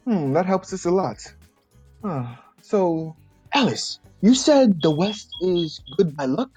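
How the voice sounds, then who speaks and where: A woman's voice: on the low side, animated, takes it slowly, mellow, slightly rough, no room sound, soft background music. A woman playing a tabletop role-play game, teasing and wry. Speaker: player.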